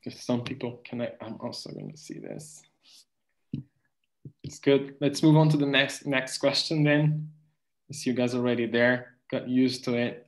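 A man moderating an online webinar over a video call, unhurried as he reads out audience chat and hands over to a speaker. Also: mid-range voice, very animated, vocal fry, poor audio.

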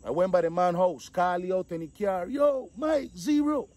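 A man, animated casual storytelling, acting out the voices of the people in his story. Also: high voice, brisk. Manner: animated, acts out quotes, repeats 'dog'.

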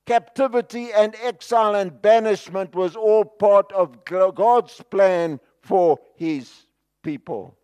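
A man preaching a sermon with impassioned, dramatic swings between loud outbursts and hushed passages, with a South African accent. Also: high voice, slow pace, clean tone.

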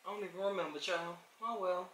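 A woman's voice: lowish voice, fast talker, fairly bright tone. A woman vlogging at home in a casual, chatty way, talking straight to her viewers. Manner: chatty and easygoing, calls the viewer "child". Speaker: lifestyle vlogger. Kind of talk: casual chat to camera. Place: home, indoors. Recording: echoey room.

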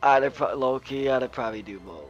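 A man's voice: medium pitch, normal speed, muffled recording, faint music behind. Laid-back sweary young gamer guy. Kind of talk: casual gaming chat. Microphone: headset.

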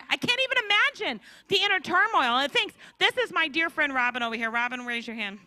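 A woman giving a storytelling sermon at a church conference, animated and acting out the people in her story. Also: sits high, fast, hardly any pauses, dry recording. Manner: animated, acts out characters' voices. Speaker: conference speaker. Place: church hall.

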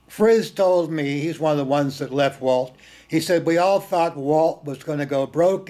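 A man's voice: on the high side, darkish tone. A man hosting film screenings tells stories informally and with animation, repeating words for emphasis and slipping in blunt, earthy remarks. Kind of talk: informal storytelling talk.

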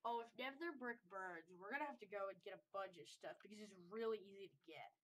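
A woman's voice: medium pitch, fast talker, rough recording. A woman with a congested voice, rambling and thinking aloud in casual gameplay commentary as she builds. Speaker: server owner playing a game.

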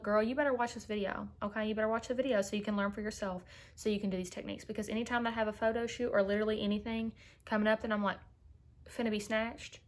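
A young woman talking casually to viewers in a makeup tutorial, chatty and sassy, calling them girl. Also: mid-range voice. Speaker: beauty vlogger.

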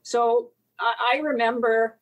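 A woman's voice: a little high, level tone, slow, highs cut off. A woman recalling her family as an interview guest, reflective and a little emotional, with many restarts. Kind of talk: casual interview recollection.

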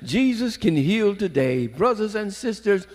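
A man's voice: high-pitched, sing-song, a little slow, a little mellow. A man preaching a sermon in a church sanctuary, fervent, with rising exhortations. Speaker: pastor. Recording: long hall reverb.

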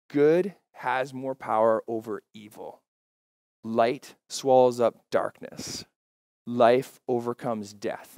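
Pastor guy preaching, repeats the big lines slow, mid voice, dry close sound. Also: medium pitch, dry recording. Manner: emphatic, repeats key phrases slowly. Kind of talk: sermon. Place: church.

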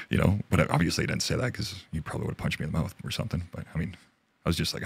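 An animated interview guest, a Canadian army veteran, relates a war story in a voice that's very deep, gravelly and husky with rough fry. He's profane and halting, restarting often, and the recording is close and dry with no echo.

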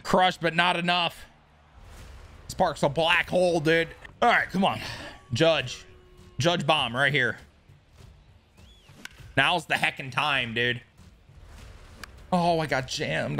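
A young man streaming a baseball video game, commenting casually, swearing and yelling at big plays. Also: a little high, takes it slowly, long pauses. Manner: excitable, yells at big plays, swears, talks to chat. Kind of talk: live gameplay commentary.

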